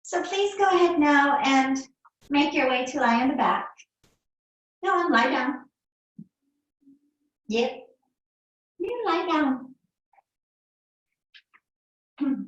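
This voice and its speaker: A woman's voice: sits high, animated, slow pace, pauses often, a bit bright, dull audio, pitched above the performer's own voice, heavily acted. A woman imitating a male co-teacher, giving clipped, bossy commands in a live yoga class. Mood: mock bossy. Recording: echoey room, mic far off.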